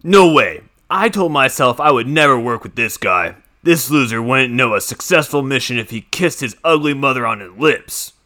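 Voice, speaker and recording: A man's voice: medium pitch, animated, normal speed, few pauses, sharp tone, voice pushed down. A man playing a bald, muscle-bound male agent who hurls crude, swearing insults. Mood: mocking.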